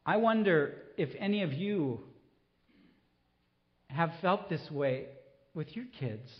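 A middle-aged man preaching a sermon, pleading and impassioned, then soft and reflective. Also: fairly high pitch, animated, slow, lo-fi sound. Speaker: pastor.

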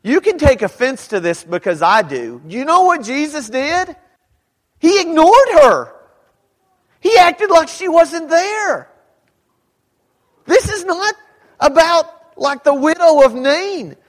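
Slow, high-voiced preacher in a reverberant hall. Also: male voice, sing-song. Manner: dramatic, rising to shouts when quoting. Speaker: pastor. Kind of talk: sermon.

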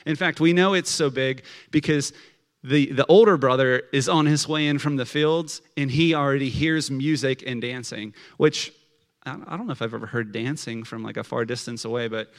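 A man's voice: mid-range voice, moderate pace. A man preaching a casual sermon in a conversational way, peppered with the filler like. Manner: conversational, many fillers of like, acts out quotes.

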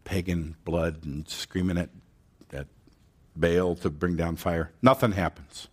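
A man's voice: sits low, slow, slightly rough. A man preaching a sermon, retelling a Bible story in a casual way, with asides to the congregation and dramatic jumps in voice when he quotes someone.

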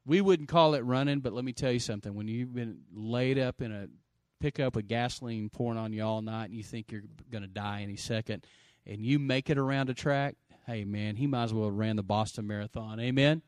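A middle-aged pastor preaching an energetic sermon, swinging from loud bursts to hushed stretches and calling for amens. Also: male voice, medium pitch, fairly quick, no room sound, studio quality. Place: church sanctuary.

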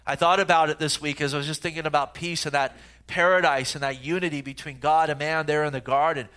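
A man's voice: a little high, fairly even intonation, fast, pushed and bright, clear, resonant tone. A middle-aged man giving a sermon as a pastor, in a conversational, storytelling way with frequent fillers.

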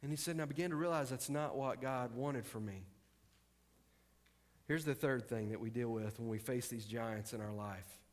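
A man's voice: mid-range voice, moderate pace, big-room sound. A middle-aged male pastor preaching a sermon, emphatic and repeating key phrases.

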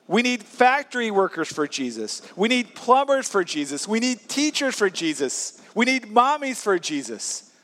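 A man's voice: sits high, fairly bright tone, in a large hall. A male pastor preaching a sermon earnestly, acting out quoted lines.

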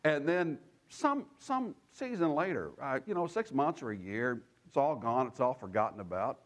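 Lively, animated male preacher. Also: mid-range voice, normal speed. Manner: animated storytelling with chuckles and asides; repeats phrases for emphasis. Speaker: pastor. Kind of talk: sermon.

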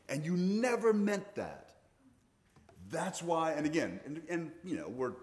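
A man's voice: medium pitch, darkish tone. A middle-aged man preaching a sermon, telling stories in a conversational way with frequent restarts. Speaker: pastor.

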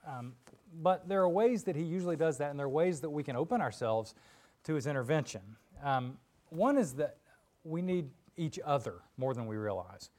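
A man preaching a sermon in a relaxed, conversational way, full of fillers and asides, in a church. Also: on the high side, normal speed. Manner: informal and chatty, with frequent fillers and asides.

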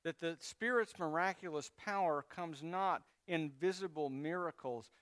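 A man preaching a sermon with a high, smooth, resonant voice. He talks in a conversational way, with asides and prompts to the congregation. The sound is dry and close. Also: measured pace, fairly bright tone, no echo. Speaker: pastor.

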